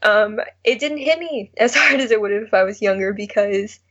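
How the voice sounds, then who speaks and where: A woman's voice: mid-range voice, moderate pace, fairly bright tone, muffled recording. A young woman calling in to a talk show, speaking hesitantly with many fillers. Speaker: caller. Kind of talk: call-in conversation.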